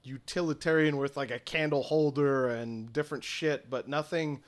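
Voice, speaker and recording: A man narrating as game master, casual and halting, with many fillers. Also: on the high side, fairly even intonation.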